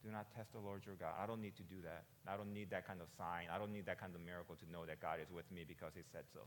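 A man's voice: low-pitched, fairly even intonation, fast, a little hiss or hum. Man in his forties preaching in a hall. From United States. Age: 40s. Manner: conversational preaching, asking "right?" often, builds to loud emphatic peaks. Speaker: pastor. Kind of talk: sermon.

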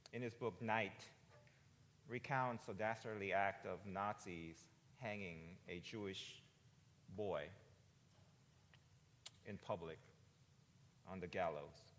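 Male pastor, forties, lowish voice, chatty preaching that swells loud, long hall reverb. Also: slow pace, long pauses. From United States. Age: 40s. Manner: conversational preaching, asking "right?" often, builds to loud emphatic peaks. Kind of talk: sermon.

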